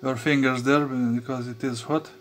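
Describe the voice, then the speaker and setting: There's slight background noise as an electronics hobby vlogger with a steady, medium-pitched voice talks through soldering at his bench. His casual commentary is halting and full of fillers and restarts, punctuated by quiet chuckles.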